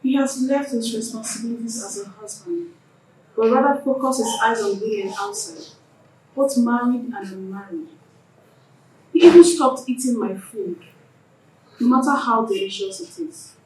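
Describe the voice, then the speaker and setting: Casting: actress playing a complaining Nigerian wife, higher voice, echoey room from afar. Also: female voice, moderate pace, darkish tone, close to an everyday voice. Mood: aggrieved. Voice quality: pleading, accusing. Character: aggrieved wife complaining to elders. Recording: echoey room, distant mic, faint noise.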